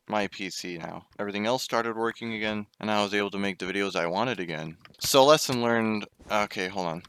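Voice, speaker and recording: A man's voice: lowish voice, a bit bright, clean tone. A young man telling a casual story while gaming, chatty, swearing and breaking off to react to the game. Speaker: gaming YouTuber.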